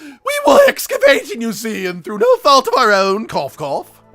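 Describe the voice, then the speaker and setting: A man voicing a pompous old gentleman archaeologist in a game, with plummy theatrical exclamations. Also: extremely high pitch, wildly swooping pitch, normal speed, faint music behind, voice pushed up, heavily acted.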